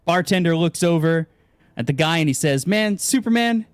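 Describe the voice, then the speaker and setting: With a fairly high, clear and resonant voice, a man casts an esports broadcast at a moderate pace. The studio-quality recording has no room sound, and he jokes animatedly at length between matches in casual on-air banter.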